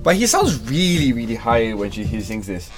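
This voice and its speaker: A man hosting a casual podcast who asks curious questions about singing, with a speaking voice he calls lower, more comfortable in baritone. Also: big pitch swings, moderate pace, faint music behind. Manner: curious questioning, says he prefers the baritone range. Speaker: podcast host.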